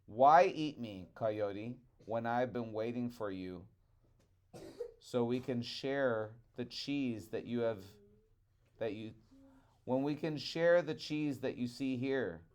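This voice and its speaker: A man's voice: mid-range voice, slow, lightly acted. A man voicing a sly, persuasive male trickster rabbit in a storybook read-aloud. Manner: pleading, persuasive.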